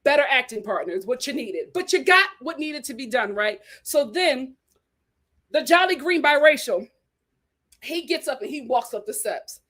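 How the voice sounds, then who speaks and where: A woman's voice: sits high, expressive, normal speed, a bit bright. A woman hosting a live reality TV review, talking in a sassy, dramatic way and laughing often. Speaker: reality TV review show host. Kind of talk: animated live review chat.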